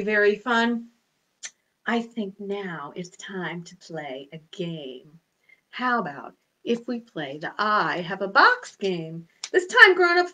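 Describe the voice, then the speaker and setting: A woman's voice: a little high, fairly bright tone. A woman, a children's librarian, singing movement rhymes and leading playful activities for kids at home in a bubbly, sing-song manner.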